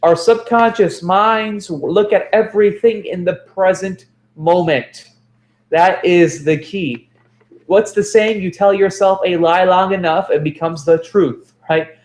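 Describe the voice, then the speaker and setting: A man's voice: high-pitched, unhurried, roomy sound. A man giving a motivational self-help talk, repeating phrases for emphasis and correcting himself as he goes.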